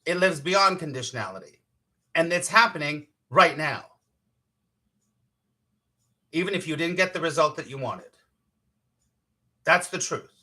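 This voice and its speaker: Bright-voiced playful spiritual teacher, a man. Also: fairly high pitch, animated, a little slow, long pauses. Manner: playful and chatty, laughs often, greets viewers by name. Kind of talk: casual live-streamed morning talk.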